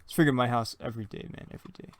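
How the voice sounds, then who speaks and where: A man's voice: medium pitch, fairly even intonation, very fast. A young man hosting his own gaming channel, chatting casually and thinking aloud as he plays, with self-mocking jokes and plenty of rambling asides. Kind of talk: casual let's-play commentary.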